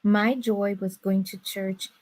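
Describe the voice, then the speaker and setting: A woman's voice: medium pitch, slow pace, rough recording. Nasal woman. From Brazil. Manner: chatty, storytelling, animated asides. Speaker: guest on a live stream. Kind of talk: casual chat.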